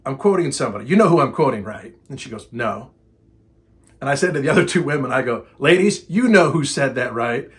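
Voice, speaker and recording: A man's voice: medium pitch, fast. A middle-aged man, a speaker and trainer, telling a story casually and acting out both sides of an exasperated argument. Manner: animated, exasperated retelling with quoted dialogue.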